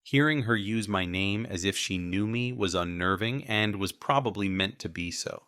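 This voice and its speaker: Deep, forceful male audiobook narrator. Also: moderate pace, smooth, no echo, clean studio sound. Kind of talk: first-person audiobook narration.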